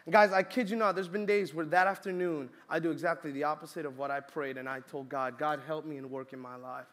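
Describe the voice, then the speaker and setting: A young man from Colombia preaching a sermon, telling a lively personal story with bursts of shouting. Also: on the high side, fast talker.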